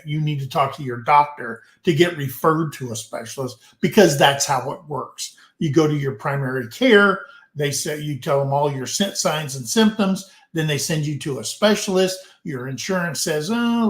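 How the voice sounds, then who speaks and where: A man's voice: a little high, echoey room. A man in his fifties hosting a casual livestream, rambling in a folksy way and often adding "okay" and "guys". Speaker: livestream host, veteran.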